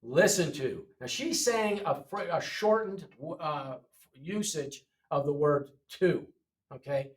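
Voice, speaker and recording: A man's voice: fairly high pitch, lively intonation, slow, recorded from a distance. A man teaching an English lesson. He repeats each word for learners and often checks in with "okay?". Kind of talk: classroom lesson walkthrough.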